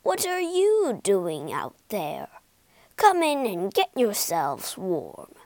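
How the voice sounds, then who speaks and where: A woman voicing a stern but kindly old male badger who speaks slowly and firmly. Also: mid-range voice, huge pitch swings, darkish tone, dry recording, full character voice.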